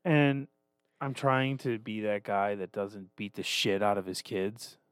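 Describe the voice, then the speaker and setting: A man's voice: on the low side, a little slow, clean tone, no echo, clean studio sound. A man in his thirties, a podcast co-host talking casually, self-deprecating and swearing a lot. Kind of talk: casual chat.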